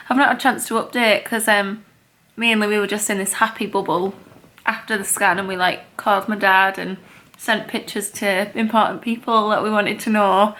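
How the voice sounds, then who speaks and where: A young woman vlogging in a casual, chatty way, excitable and gushing. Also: medium pitch. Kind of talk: casual vlog chat.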